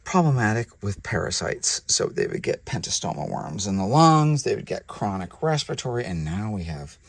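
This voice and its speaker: A man who breeds reptiles, hosting a casual vlog while handling snakes, chatty and sometimes dropping to soft murmurs toward the animals, recorded on a handheld camera mic indoors. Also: fairly low pitch, big pitch swings, normal speed, creaky, dry recording. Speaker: reptile breeder and channel host.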